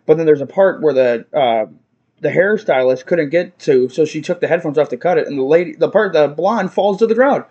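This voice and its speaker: Husky-voiced man ranting and swearing. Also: fairly high pitch, muffled recording. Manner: swearing, venting, swings to shouting. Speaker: podcast host. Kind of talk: profane ranting monologue.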